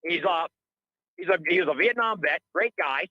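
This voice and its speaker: A man's voice: sits high, animated, normal speed, no echo, lo-fi sound. A middle-aged man calling in to a radio show, ranting in a heated, rambling, indignant way and repeating himself. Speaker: caller. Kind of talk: heated call-in rant.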